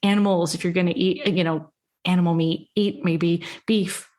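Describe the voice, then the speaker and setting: A woman speaking as a guest on a podcast, chatting in an animated, playful way with laughs and fillers. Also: lowish voice, moderate pace. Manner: animated and playful, laughs, jumps into quoted voices. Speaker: podcast guest, healthy eating advocate. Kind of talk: casual interview chat.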